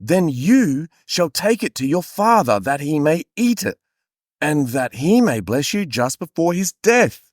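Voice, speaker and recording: A man voicing a scheming mother in whispered role-play, giving hushed orders to her son. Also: a little high, very animated, a little slow, no room sound, clean studio sound, pitched above the performer's own voice. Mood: conspiratorial.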